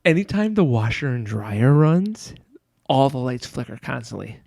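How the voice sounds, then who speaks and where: A man's voice: medium pitch, normal speed, vocal fry, dry recording, clean studio sound. A young man hosting a podcast, telling stories in a rambling, casual way with lots of fillers. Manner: rambling, filler-heavy, animated storytelling. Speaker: podcast host. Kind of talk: casual chat.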